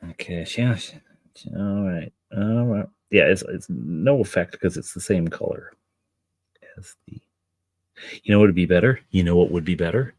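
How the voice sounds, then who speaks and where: Middle-aged man, very low voice, dry close sound, rambling casual stream chat. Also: moderate pace, a little mellow, no echo. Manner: chatty and rambling, talks to his dog and to chat. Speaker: miniature painting streamer.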